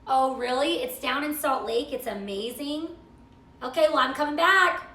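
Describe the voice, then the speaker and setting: A woman's voice: high-pitched, normal speed, bright, forceful tone, roomy sound. A middle-aged woman hosting a live cooking stream, chatting and gushing while she reads viewer comments. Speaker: cooking show host.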